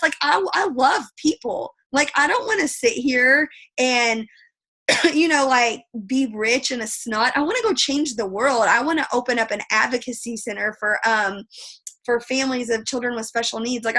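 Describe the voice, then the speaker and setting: Woman, 30s, sales team leader; tough-love motivator, emphatic, rambling, bright voice, video call audio. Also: a little high.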